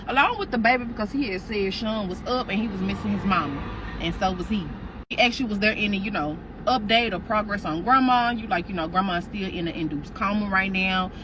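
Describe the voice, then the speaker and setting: A woman's voice: medium pitch, noisy background. A woman telling a story in a casual, slangy, profane way, speaking to the listener as "you".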